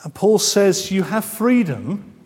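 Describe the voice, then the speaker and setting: A man preaching a sermon, measured and emphatic, drawing out key phrases. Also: high voice, very animated, a little mellow, big-room sound. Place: church.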